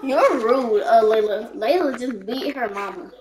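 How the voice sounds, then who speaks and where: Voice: medium pitch, a little slow. A gaming host giving casual let's-play commentary, chatting to the game characters and to viewers. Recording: noisy recording with mouse clicks.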